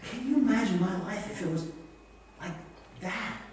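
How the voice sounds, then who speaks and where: A man in his forties preaches with a lively, swooping delivery and a somewhat high pitch. He acts out the voices he quotes. The sound is very roomy and picked up from a distance, with faint room hiss behind him. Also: normal speed. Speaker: pastor. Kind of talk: sermon. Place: church sanctuary. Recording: echoey church hall mic from a distance.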